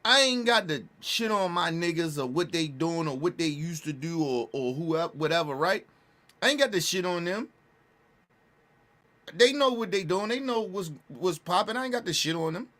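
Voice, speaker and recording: A man talking casually and bluntly, repeating and restarting his phrases, with emphatic jumps in pitch and loudness. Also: expressive, normal speed. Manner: blunt, repetitive, restarts phrases, profane slang. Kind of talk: casual street talk commentary.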